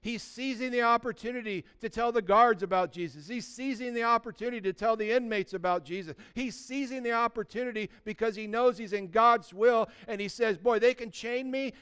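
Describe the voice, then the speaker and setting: A man preaches to his congregation with a voice that sits high for a man and rings smooth and clear. He tells stories with real emphasis and drives his points home through repetition. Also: fairly bright tone. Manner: storytelling, emphatic with repeated phrases. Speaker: pastor. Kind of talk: sermon.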